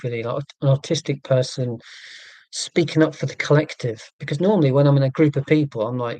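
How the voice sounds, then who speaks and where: A man with a mellow, mid-range voice reads viewer comments aloud on a casual YouTube live chat, speaking at normal speed with long pauses. He rambles, joking wryly at his own expense, and the recording has no room sound.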